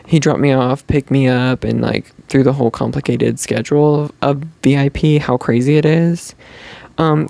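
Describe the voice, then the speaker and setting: A man's voice: mid-range voice, gravelly, dark tone, no echo. A young man hosting his own podcast, chatting casually and gushing about a concert, full of "like" and "um". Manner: gushing, chatty fan talk with many likes and ums. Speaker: podcast host. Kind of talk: casual storytelling chat.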